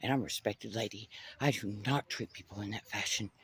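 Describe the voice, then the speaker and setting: A woman's voice: rumbling low, a little fast, slight background noise. A woman vlogger, telling a rambling personal story in a chatty way, calling the listener honey and swearing freely. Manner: animated, swings from loud to hushed. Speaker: psychic vlogger. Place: inside a U-Haul truck.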